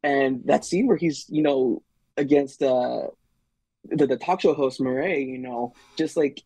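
Easygoing guy being interviewed, gravelly low voice, kinda husky. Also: a little slow, mellow, dry recording. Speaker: guest card artist. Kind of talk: casual interview chat.

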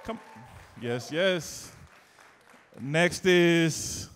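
A man hosting a live event, working the crowd in a loud, teasing, playful way with sudden shouts. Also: a little high, drawn-out words, a little hiss or hum. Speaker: event host and emcee. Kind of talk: live hype emcee to a crowd. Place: live event venue indoors. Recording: long reverb of a big event hall.

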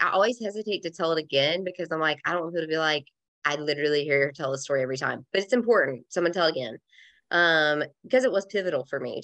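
A woman's voice: low-pitched, a bit bright. A woman as a podcast guest, telling a personal story candidly and emotionally, with lots of "like" fillers.

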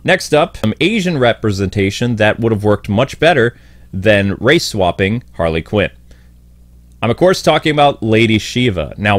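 Guy rambling his opinions, lots of uhs, deepish voice, dead dry room. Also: dry recording. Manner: rambling, opinionated, with frequent fillers. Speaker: video commentator. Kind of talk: opinion commentary.

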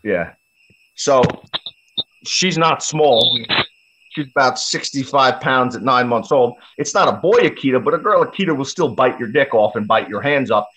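A man's voice: medium pitch, lively intonation, normal speed, fairly bright tone. A man, a podcast guest, telling a story in a blunt, heavily profane, casual way. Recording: slightly dull lo-fi audio.

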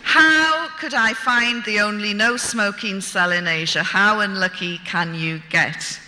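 Slow, very bright woman storyteller. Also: medium pitch, a little hiss or hum. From Britain. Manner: vivid, wry and self-mocking. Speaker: storyteller recounting her own experience. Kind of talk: dramatic personal storytelling. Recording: long hall reverb.

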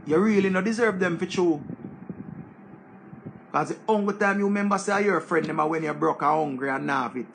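A man's voice: fairly high pitch, fairly quick, vocal fry, slight background noise. A man with a Jamaican accent, giving a casual, preachy monologue full of repetition. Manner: preachy, repetitive, animated rant. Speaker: commentator.

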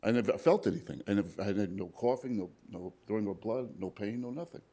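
A plainspoken man, a paramedic, recounts his own story to a live audience at a hospital event. His voice sits a little low, and he keeps slipping into quoted dialogue as he retells what people told him. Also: fast talker, dark tone, slightly rough. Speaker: paramedic and cancer survivor on a panel.

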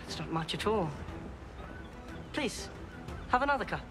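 Drama clip: posh, sneering boy king, voice high and swooping. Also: sing-song, a little slow, bright, forceful tone, soft background music, full character voice. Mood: taunting. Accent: posh southern English.

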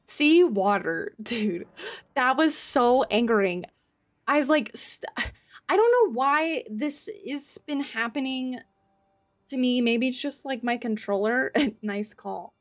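Slow-talking exasperated woman streamer. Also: fairly high pitch, expressive. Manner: exasperated, swears, laughs often. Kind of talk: live gameplay commentary.

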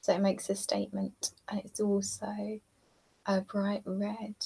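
Young British woman, livestream host, unhurried friendly chatter with frequent giggles. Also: mid-range voice, monotone, vocal fry, warm tone, husky. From southeast England. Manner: chatty, giggly, reads out comments. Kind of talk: casual chat while painting.

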